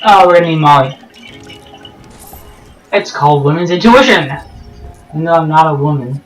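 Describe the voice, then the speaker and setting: A man's voice: a little high, moderate pace, echoey room, distant mic, soft background music, poor audio. Joking man rambling over gameplay. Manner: joking, rambling, goofy asides. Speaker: let's play host. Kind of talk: casual gameplay commentary.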